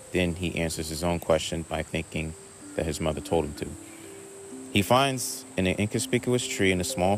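A man reading a short story aloud in a plain, unhurried way. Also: deep voice.

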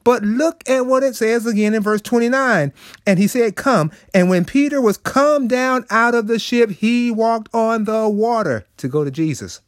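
A man with a high voice preaches in a relaxed, folksy way, slipping into animated voices when quoting. The recording is dry and close, with no room sound. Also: normal speed, few pauses, dry recording. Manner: folksy, conversational preaching with dramatic quoted voices. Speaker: preacher and show host. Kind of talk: short inspirational Bible talk.

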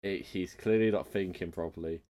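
A man's voice: sits low, steady tone, moderate pace, dark tone. A man chatting emphatically as a podcast co-host, swearing now and then. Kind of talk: casual podcast chat.

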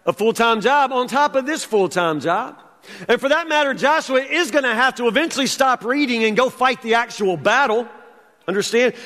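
A man's voice: very high-pitched, a bit bright, in a large hall. A man preaching a sermon as pastor, conversational with wry humor.

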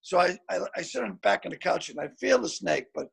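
An older man over sixty telling loud, swearing anecdotes as a comedian guest over a video call, often repeating words as he goes. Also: sits high, lively intonation, fast, creaky, breathy edge. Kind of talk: storytelling anecdotes.

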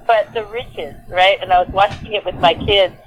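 A woman with a Southern accent from Texas, a lead singer chatting as a guest in a casual interview, animated and full of fillers and restarts. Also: medium pitch, normal speed, low-quality recording. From Texas, USA.

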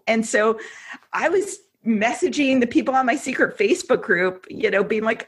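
Breathy 40s woman on a podcast, candid, lots of likes and you knows. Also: on the high side. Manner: open, emotional, fillers and quick asides. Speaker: podcast guest. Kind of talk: candid personal story in an interview.

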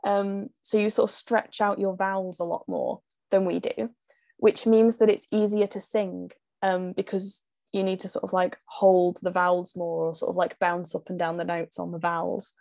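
A woman's voice: fairly low pitch, flat delivery, moderate pace, vocal fry, a little mellow, dry recording. Woman, English accent, chatty and laughing, many fillers, dry close recording. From England. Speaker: singer-songwriter guest. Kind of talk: casual chat.

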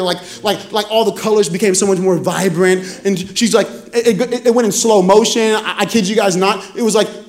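A man's voice: sits high, fairly quick. A man preaching a sermon as pastor, telling funny stories and acting out quoted lines. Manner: humorous storytelling, acts out quoted dialogue. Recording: roomy echoey room.

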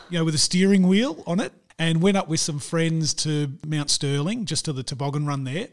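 A man with an Australian accent hosting a podcast, telling funny stories in a casual chat and laughing often. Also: fairly high pitch. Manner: animated storyteller, laughs often. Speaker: podcast host.

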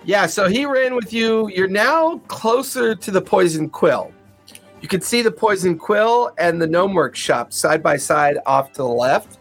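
A man's voice: high-pitched, expressive, a little slow, breathy edge, soft background music. A man narrating a tabletop game as game master, rambling with many ums and likes.

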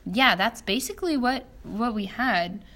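A woman co-hosting a playful podcast chat, animated and teasing, often breaking into giggles. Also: on the high side, unhurried. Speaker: co-host.

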